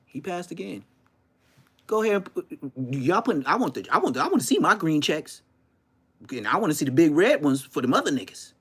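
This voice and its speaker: A podcast host rants loudly and profanely, rambling from one point to the next. His voice sits a bit high and his pitch swings widely, animated throughout. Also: fairly quick, breathy edge. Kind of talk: casual ranting podcast monologue.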